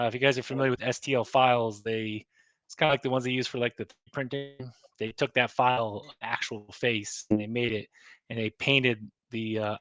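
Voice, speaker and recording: A man with a bright, forceful voice talks loosely about his coins, full of stops and restarts. The sound is close and dry with no room behind it. His pitch sits in an ordinary middle range. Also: dry recording. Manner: rambling, halting, many fillers and restarts. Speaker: navy chief and guest. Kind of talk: casual show-and-tell chat.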